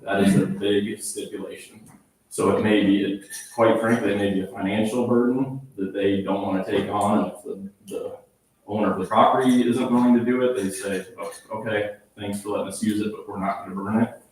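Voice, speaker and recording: Firm fire chief speaking in an echoey hall. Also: male voice, lowish voice. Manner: firm, defensive, repeats "okay?". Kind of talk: public comment at a council meeting. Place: small town council chamber. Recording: echoey room from far off.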